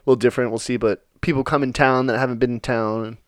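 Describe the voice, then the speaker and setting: A man's voice: mid-range voice, fairly even intonation, fast talker, dry recording, clean studio sound. A man chatting casually on a podcast, telling stories with lots of swearing and laughter. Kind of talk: casual chat.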